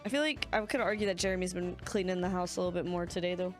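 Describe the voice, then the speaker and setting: A woman's voice: fairly low pitch, very fast, faint music behind. A young woman streamer chatting casually and sleepily while playing a game and reading its lines aloud. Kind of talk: casual let's-play chat.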